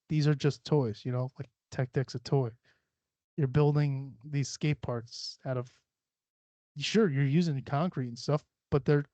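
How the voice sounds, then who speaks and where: A man's voice: on the high side, mellow, no echo. A man hosting a podcast, chatting casually in a rambling, profane way and laughing often. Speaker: podcast host. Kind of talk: casual solo podcast chat. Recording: dull, lo-fi sound.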